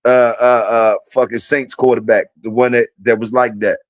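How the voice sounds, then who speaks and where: Hosting a live stream, this man rambles and swears while putting questions to his audience. He speaks flatly at a moderate pace in an ordinary middle register, captured up close in a dry recording.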